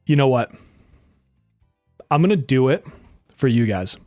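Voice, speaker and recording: This gaming streamer talks straight to his chat over soft background music in a clean, studio-quality recording with no room sound. His medium-pitched, slightly mellow voice swings widely in pitch at a measured pace as he jokes, swears, laughs, and grows exasperated.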